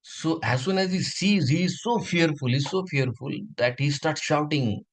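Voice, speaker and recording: A man teaching a children's class, telling a moral animal fable in an animated way with drawn-out pauses. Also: a little high, poor audio. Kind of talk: storytelling for a kids' class.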